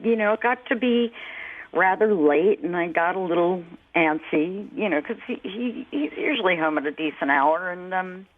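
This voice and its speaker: A woman in her forties calling in to a radio show, sheepish and flustered, turning animated as she retells things. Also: fairly low pitch, normal speed. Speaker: caller. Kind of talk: phone-in chat on a radio show. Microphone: phone. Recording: tinny phone line.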